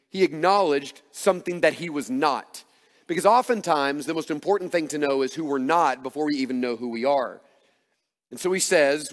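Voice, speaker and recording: A man's voice: a little high, big-room sound. A man preaching a sermon, earnest and emphatic, asking rhetorical questions as he explains a passage. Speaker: pastor.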